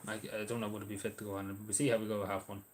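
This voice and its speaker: A man's voice: lowish voice, flat delivery, rapid-fire, darkish tone, a little hiss or hum. An Irish man chatting casually on a livestream, answering viewers' messages in a rambling, hesitant way with lots of ums and restarts.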